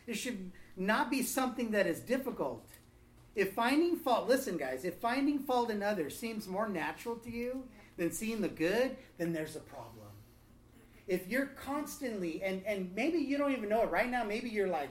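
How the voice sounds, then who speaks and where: A man telling a testimony and preaching to a small group, lively and acting out other people's lines. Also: on the high side, normal speed. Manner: animated storytelling, acts out quotes. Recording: roomy echo, faint room noise.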